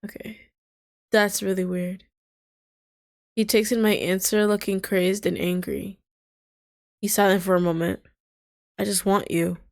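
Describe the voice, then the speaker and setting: A woman's voice: mid-range voice, steady tone, a little slow, pauses often, darkish tone, dry recording, clean studio sound. A young woman playing through a story game, reading the lines aloud and breaking off into shocked, swearing reactions. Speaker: gamer reading a visual novel aloud. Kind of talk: let's-play narration with reactions.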